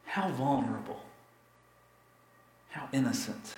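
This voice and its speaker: A man pastor telling a story in a sermon, dramatic and repetitive, with emphatic pauses. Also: medium pitch, expressive, reverberant, noisy background.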